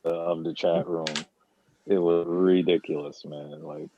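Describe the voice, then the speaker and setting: Deep-voiced man, dull dry sound. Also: flat delivery, brisk, warm tone, slight background noise. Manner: laid-back, teasing. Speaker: former radio show co-host. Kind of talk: casual chat.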